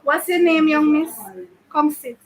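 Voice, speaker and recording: A high-voiced woman teacher, speaking at an unhurried pace. She chats casually with her pupils in a classroom, teasing them playfully with question after question. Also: flat delivery, rough recording.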